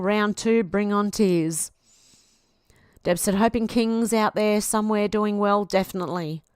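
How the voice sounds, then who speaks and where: A middle-aged Australian woman hosting a livestream at home, reading viewer comments aloud in a chatty, quick run while teary and sniffling. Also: medium pitch, darkish tone, smooth, dry recording, clean studio sound. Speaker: livestream host reading chat.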